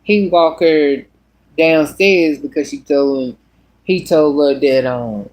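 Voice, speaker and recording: In a low, slow voice, a woman recounts a story for her casual vlog. She swears constantly, keeps it blunt, and stays animated throughout.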